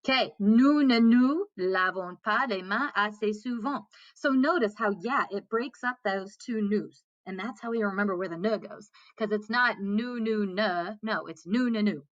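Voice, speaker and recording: A woman's voice: mid-range voice, moderate pace, hardly any pauses, no echo, dull audio. A woman French teacher explaining grammar to her class in a patient way, often checking in with "okay?" and repeating key points. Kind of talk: classroom lesson.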